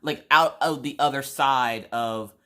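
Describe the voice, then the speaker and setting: A craft vlogger from South Carolina tells an anecdote in a chatty, blunt style, her voice a deep bass that sounds pushed and bright. She takes her time with the casual story.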